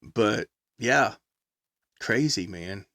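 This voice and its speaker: Animated man telling band stories. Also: fairly low pitch, extremely slow, creaky, dry recording, clean studio sound. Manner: animated, acts out quotes, laughs often. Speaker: guest musician. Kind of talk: casual storytelling chat.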